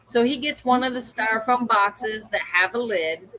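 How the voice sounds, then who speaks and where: A woman co-hosting a livestream, telling an animated story in casual chat and acting out the voices of the people in it. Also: a little high, moderate pace, poor audio. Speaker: co-host.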